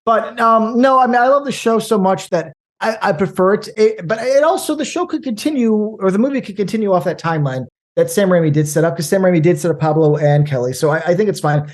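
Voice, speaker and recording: A man talking casually about movies, rambling and animated, with frequent restarts. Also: sits high, fast talker, few pauses. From American Midwest. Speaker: podcast guest.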